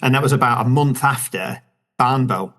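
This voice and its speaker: A man's voice: mid-range voice, normal speed, a bit bright. A man with a Yorkshire accent, an author talking casually as a podcast guest, rambling with many restarts and fillers. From Northern England. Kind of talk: conversational interview.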